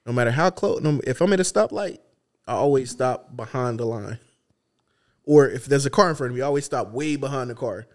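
A man co-hosting a podcast, chatting casually in loose slang, telling animated stories with acted-out quotes. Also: mid-range voice. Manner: loose slangy speech with restarts. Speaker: podcast co-host. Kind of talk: casual chat.

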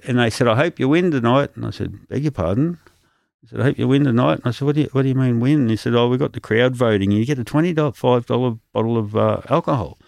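A man's voice: medium pitch, fast talker, gravelly, a little mellow, no echo, clean studio sound. An Australian man, a comedian, telling anecdotes in a casual interview and acting out other people's lines. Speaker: comedian guest.

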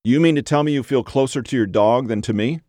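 A man's voice: medium pitch, fast talker, warm tone, no room sound, studio quality, pitched above the performer's own voice, lightly acted. A man voicing a resentful, jealous young woman, raising his voice for her bitter complaints. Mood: bitter, upset. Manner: raised bitter pleading lines.

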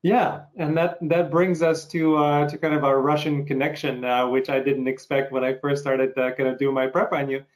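A man hosting an interview, asking questions in a halting way with many pauses and restarts. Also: medium pitch, flat delivery, poor audio. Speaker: interview host. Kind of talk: casual interview conversation.

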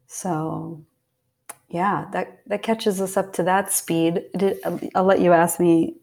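A woman from Pennsylvania, a podcast guest, telling a personal story in a heartfelt way, sometimes dropping to a soft whisper. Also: lowish voice, steady tone, slow, creaky. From Pennsylvania, USA. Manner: heartfelt, drops to soft whispers when recalling intense moments. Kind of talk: casual storytelling.

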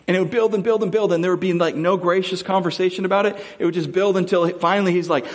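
A man's voice: high-pitched, fast, hardly any pauses. A man in his thirties, a pastor preaching a conversational sermon, earnest and often asking the congregation questions.

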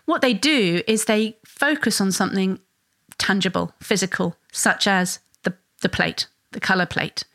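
A woman's voice: medium pitch, a little slow, a bit bright, no echo, studio quality. A woman hosting a parenting podcast, talking conversationally and sometimes acting out a parent's and a child's voices. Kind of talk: solo podcast explanation.

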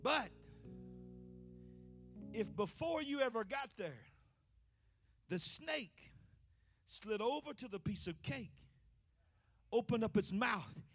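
A man preaching a sermon in a church. He swings from loud, impassioned passages to hushed ones. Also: extremely high pitch, lively intonation, slow, pauses often, slightly rough, soft background music. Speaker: pastor.

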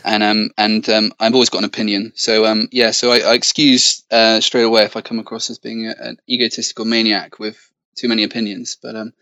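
A man's voice: on the low side, little pitch movement, fairly quick, bright, forceful tone, dry recording. An English man from Gloucestershire, a podcast guest, talking casually in a rambling, self-deprecating way with many ums and restarts over a video call. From Gloucestershire, England. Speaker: podcast guest, web business owner. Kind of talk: casual interview chat.

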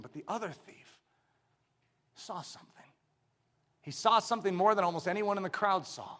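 A man preaching a sermon, swinging from loud emphatic declarations to hushed, intense lines and asking the congregation rhetorical questions. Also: high voice.

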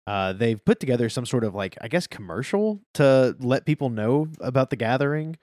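A man's voice: mid-range voice, expressive, moderate pace, a little mellow, no room sound, clean studio sound. A man co-hosting a podcast, chatting in an easygoing, agreeable way about manga chapters, his sentences trailing off. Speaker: podcast co-host discussing a manga. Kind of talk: casual chat.

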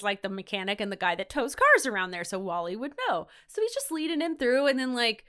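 A woman's voice: medium pitch, very animated, a little fast, few pauses, pushed and bright, clean tone. A woman podcast host chatting through an episode recap in a loose, rambling way. She leans on "like" and "um" constantly and slips into silly put-on voices for the characters she quotes. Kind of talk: casual comedic recap chat.

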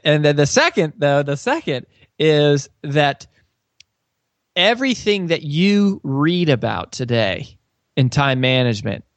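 A man's voice: a little high, no echo. A man, an author and sales coach, answering an interview in an earnest storytelling way, with many restarts. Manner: earnest, frequent restarts and fillers.

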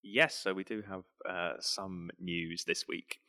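A man's voice: low voice, fairly even intonation, slow pace, pushed and bright, no echo, studio quality. A young man co-hosting a casual podcast from an empty workplace under redecoration, easygoing and hesitant, with many ums. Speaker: podcast co-host.

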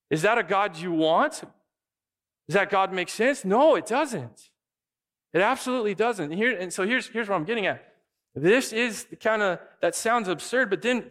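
Animated male pastor in a reverberant hall. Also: sits high. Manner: animated, acts out quick imagined dialogue. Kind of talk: sermon.

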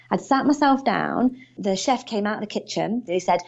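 A woman from the UK, a guest on a podcast, telling stories in an animated, emphatic way. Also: mid-range voice, normal speed, gravelly, hardly any pauses, highs cut off. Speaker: guest, financial advisor coach. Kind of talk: casual podcast interview.

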